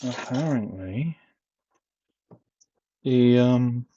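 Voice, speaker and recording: A young man vlogs casually from home, rambling into a headset mic with lots of fillers and self-deprecating asides. His medium-pitched voice is animated yet very slow, with a dark tone. The headset audio is dull, lo-fi and clipping.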